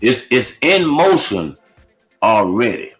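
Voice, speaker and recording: A man co-hosting a casual talk show, who agrees often and asks halting questions. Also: mid-range voice, very animated, music in the background.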